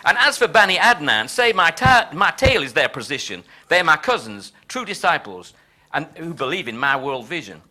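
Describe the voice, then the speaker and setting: A gloating Texan president with a put-on drawl, as a man reads him aloud. The voice is bright and lively and bounces high and low in boastful, folksy verse. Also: normal speed, heavily acted. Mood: swaggering. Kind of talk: dramatic reading of translated verse.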